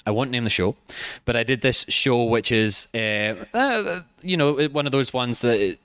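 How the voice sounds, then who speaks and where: A man hosting a casual podcast, spinning a story in a lively way and laughing often. His voice is smooth and clear, recorded close and dry with no room sound. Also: medium pitch, normal speed, no echo. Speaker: podcast host.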